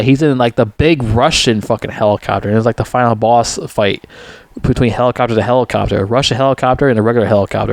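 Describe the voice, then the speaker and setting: A man's voice: medium pitch, no echo. A man reviewing a movie in a casual, rambling recap, swearing freely and stumbling over fillers and restarts. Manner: profane, full of fillers and restarts.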